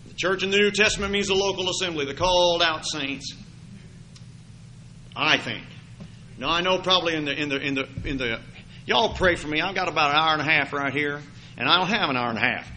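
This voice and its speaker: A male preacher with a sore, scratchy throat, pitched a little above most men and very bright in tone. He swings from low, quiet asides to loud, emphatic declarations. There is a faint hum of room noise behind him. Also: brisk. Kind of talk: sermon. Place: church before a congregation.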